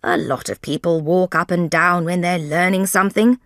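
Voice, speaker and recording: A woman voicing a calm, clever male detective in a slow storybook reading, measured and low-keyed. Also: dry recording, clean studio sound, close to an everyday voice.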